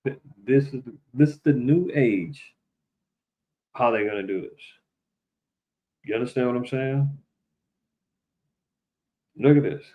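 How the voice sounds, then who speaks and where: This livestream host takes things slowly, leaving long pauses, and the audio is narrow and tinny. Chatting casually, he speaks straight to his viewers again and again and imitates other people by raising his voice.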